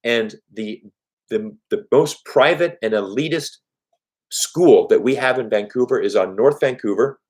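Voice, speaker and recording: A man with a fairly low voice hosts a live question-and-answer stream. He talks earnestly and freely, sprinkling his sentences with "you know" as he tells his stories. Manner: earnest, animated storytelling with many "you know" fillers. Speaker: livestream host. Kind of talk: live Q&A chat. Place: Vancouver, Canada.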